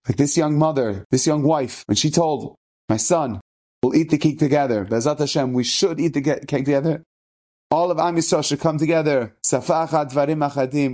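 A middle-aged rabbi telling an inspirational story in a slightly higher-than-average male voice. He speaks earnestly and with emphasis, and he often circles back to repeat a phrase. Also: a little mellow.

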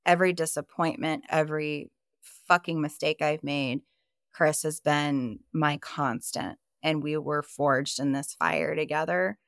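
A woman from Iowa talks as a podcast guest, recounting her story with candid emphasis. She swears freely as she speaks. Her voice sits low and the sound is dry and close. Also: steady tone, a little slow, fairly bright tone, no room sound. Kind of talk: personal storytelling in a conversation.

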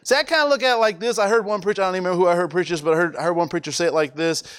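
A man's voice: sits high, rapid-fire, fairly bright tone, smooth. A man preaching a conversational sermon, often stumbling over repeated words and asking the congregation questions.

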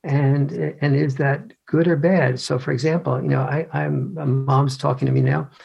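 A man's voice: mid-range voice, level tone, moderate pace, creaky, husky, highs cut off. An older man, an author and guest, explaining in a conversational way with many restarts and acted-out scenes. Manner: hesitant, full of restarts, acts out scenes.

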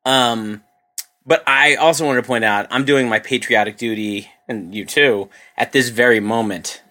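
A man's voice: medium pitch, bright, forceful tone. A man co-hosting a casual comedy podcast, joking, laughing and swearing. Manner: joking, profane, quick to laugh. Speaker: podcast co-host.

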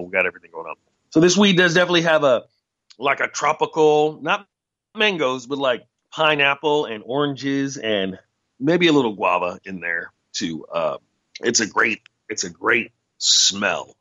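A man with a bright, forceful voice chatting on his own podcast in a loose, rambling way, full of sarcastic asides. The sound is dry and close, with a slightly dull, lo-fi edge. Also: medium pitch, no room sound. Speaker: podcast host. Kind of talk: casual solo podcast chat.

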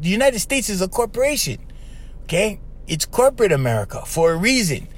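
A man from Hawaii hosts a casual podcast on his own. His voice sits a little high and leaps up and down as he talks straight to his listeners. He keeps mimicking the people he quotes. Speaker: podcast host.

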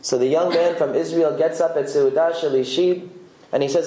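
A man's voice: fairly high pitch, normal speed. Man telling a story in an echoey room. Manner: animated, acting out the dialogue. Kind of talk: oral storytelling.

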